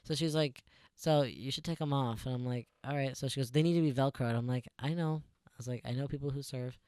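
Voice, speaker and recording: A man's voice: medium pitch, fairly quick, darkish tone, smooth, no echo. A young man talks into a close podcast mic, dry and near with no room sound. He retells a work story casually and sarcastically, swearing freely. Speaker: podcast co-host.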